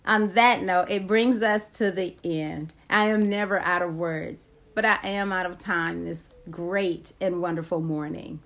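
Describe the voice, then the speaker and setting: A woman reads and comments on a daily devotional, fast and excitable, exclaiming and laughing often. Her voice is on the low side, and faint worship music plays behind her.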